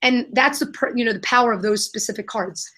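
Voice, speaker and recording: A young adult woman answering questions in a live Q&A, telling an animated story and acting out the voices of the people in it. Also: on the high side, brisk. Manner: animated, acts out quoted voices. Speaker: guest, kindness nonprofit founder.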